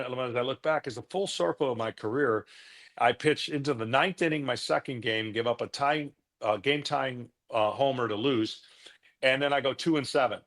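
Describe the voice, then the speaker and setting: A middle-aged man, a former pitcher, telling stories from his career in a casual interview, now and then acting out the voices of the people in them. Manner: relaxed, anecdotal, acts out quoted voices.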